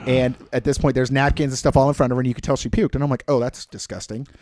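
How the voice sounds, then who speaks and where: A man with an ordinary mid-range voice rattles through a bar story at high speed, slipping into the voices of the people in it. The sound is dry and close, with no room around it. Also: no room sound. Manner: fast animated storyteller, acts out quotes, crude jokes. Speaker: podcast co-host, bar security lead. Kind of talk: casual storytelling chat.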